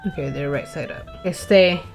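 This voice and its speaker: A young woman vlogging as she builds something by hand, chatting to herself and her viewers in a casual, animated way. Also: sits low, brisk, creaky, soft background music. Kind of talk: casual chat while crafting.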